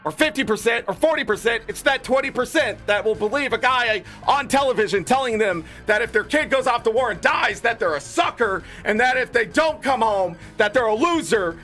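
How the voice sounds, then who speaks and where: A man's voice: very high voice, fairly bright tone. A man streaming a game, ranting in an angry, profane, heated way. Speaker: gaming streamer. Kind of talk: ranting commentary over a game.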